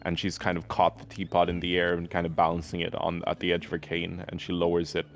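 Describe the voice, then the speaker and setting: A man's voice: low voice, completely flat delivery, fast. A man narrating a tabletop game as game master in a rambling way, with many fillers.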